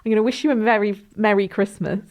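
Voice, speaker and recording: A British woman hosting a podcast, telling stories in a casual, animated way and laughing often. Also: medium pitch, fast. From Britain. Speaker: podcast host. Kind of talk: casual chat.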